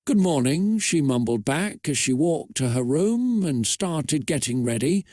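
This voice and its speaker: A man reading a fan-fiction story aloud for comedy, narrating in a steady, matter-of-fact way. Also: medium pitch, a little slow, no room sound, studio quality.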